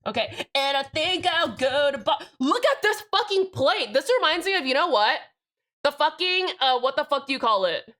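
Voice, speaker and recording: A woman's voice: high voice, expressive, normal speed, sharp tone. A woman live streamer chatting casually with her chat, joking and swearing, with rambling restarts. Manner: profane, joking, reads out chat names.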